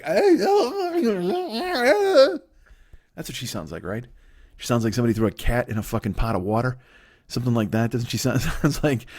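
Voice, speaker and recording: A man in his forties from the United States doing a solo comedy podcast, ranting profanely and slipping into mocking put-on voices. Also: mid-range voice. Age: 40s. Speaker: comedian host.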